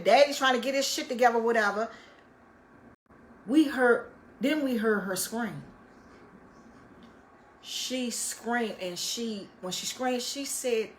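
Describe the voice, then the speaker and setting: A woman's voice: fairly high pitch, a little slow, pauses often, fairly bright tone, a little hiss or hum, low-quality recording. A woman vlogger telling a personal story in a casual, emotional way, swearing freely and dropping her voice at painful moments.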